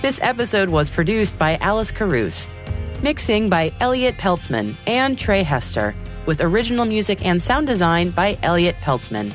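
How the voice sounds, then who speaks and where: A woman's voice: on the low side, big pitch swings, moderate pace, faint music behind. An American woman hosting a space news podcast on a studio mic, reading the news in an upbeat way with playful asides. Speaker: podcast host.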